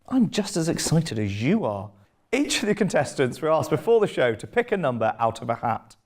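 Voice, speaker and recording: A man's voice: on the high side, a little mellow. A man hosting a comic game show, announcing in a mock-grand, theatrical way.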